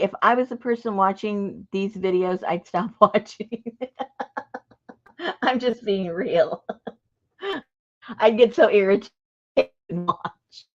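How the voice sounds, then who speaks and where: A woman hosting a live craft stream, chatting with viewers in an excitable, talkative way. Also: mid-range voice. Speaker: craft channel host. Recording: dull lo-fi live-stream audio.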